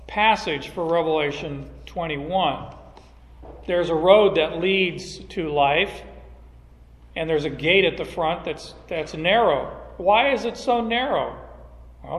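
Male pastor, sermon delivery, emphatic, fairly high voice, echoey hall. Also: fairly bright tone. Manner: emphatic preaching with rhetorical questions. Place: church sanctuary.

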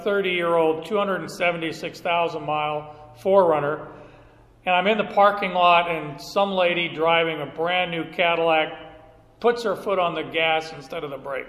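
Middle-aged male pastor, high voice, slow unhurried sermon, emphatic storytelling, echoey church hall. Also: a bit bright. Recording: echoey hall, roomy reverb.

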